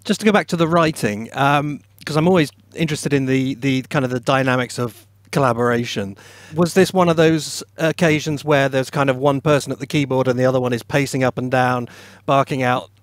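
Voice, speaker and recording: A podcast co-host asking questions in a thoughtful, measured way. His voice sits at a middle pitch, and the recording is dry and close with almost no room sound. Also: no room sound. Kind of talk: interview questions.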